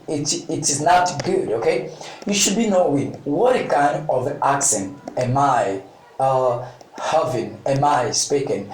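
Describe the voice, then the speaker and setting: A man's voice: a little high, darkish tone, distant mic. A man teaching an English lesson, going over each point twice in two languages and often checking with "okay?". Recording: echoey room, voice from off mic.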